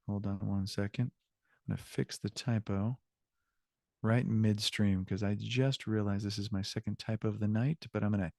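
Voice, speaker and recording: A man teaching an online Spanish lesson in an upbeat, encouraging way, often stopping to correct himself. His voice sits on the low side. The sound is dry and close, with no room around it. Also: dark tone, no room sound.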